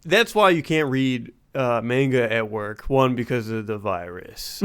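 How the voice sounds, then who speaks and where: A man with an ordinary mid-range voice co-hosts a podcast. He drops in short joking asides and quick wry remarks during loose, casual talk. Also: medium pitch, expressive, fairly bright tone, clear, resonant tone. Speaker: podcast co-host.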